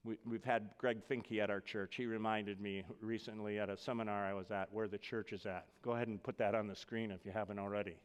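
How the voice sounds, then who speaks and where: A male pastor delivers a conversational sermon in a church, his smooth, resonant voice carried by a long hall reverb. He moves between casual, lively asides and a hushed, gentle tone for scripture and prayer. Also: lowish voice, fairly quick, few pauses. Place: church sanctuary.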